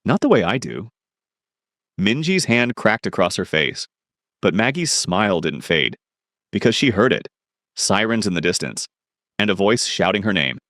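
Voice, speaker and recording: A man's voice: on the low side, sing-song, moderate pace, a bit bright, no echo, studio quality. A man narrating a dramatic crime romance story.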